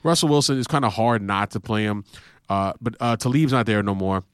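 Guy rattling off picks real fast, dry close mic, repeats himself a lot. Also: fairly low pitch, clean tone, dry recording. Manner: quick, rambling, repeats himself. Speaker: podcast co-host. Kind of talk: casual fantasy football chat.

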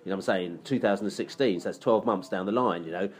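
A man's voice: deep voice, quick pace, darkish tone. A man talking casually on a football fan podcast, rambling and full of "you know". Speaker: podcast co-host. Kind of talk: casual pub podcast chat.

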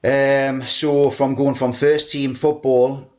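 A man yarns away as a podcast guest about his football days. He talks in a loose, chatty way, full of "you know" and "like", and now and then puts on a boss shouting down the phone. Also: medium pitch, little pitch movement, slow pace. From England. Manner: mimics a shouting chairman in quoted lines. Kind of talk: casual storytelling interview.

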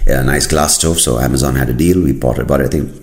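Speaking quickly in a very deep voice, this podcast host, a native Kannada speaker from India, delivers a comedic monologue. The echoey room carries his lively tales and crude side remarks.

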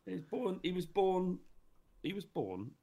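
A man co-hosting a casual football podcast, reacting with animated, incredulous questions. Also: high voice, unhurried, vocal fry, breathy edge. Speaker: podcast co-host.

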